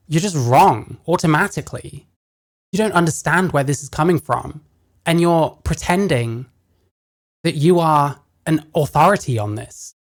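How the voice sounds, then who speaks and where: A woman reacting to a video, blunt and sarcastic, often swearing. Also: low-pitched. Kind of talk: casual reaction commentary.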